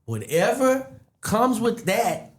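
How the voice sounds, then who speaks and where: A man who is a comedian, a guest on a podcast, telling a story in an animated, profane way and laughing as he goes. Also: high voice, takes it slowly.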